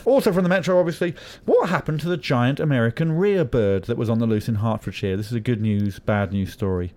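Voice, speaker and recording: A man hosting a comedy podcast quiz, teasing his guests with quick jokey asides. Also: mid-range voice, darkish tone. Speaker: radio podcast host. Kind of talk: playful quiz-show banter.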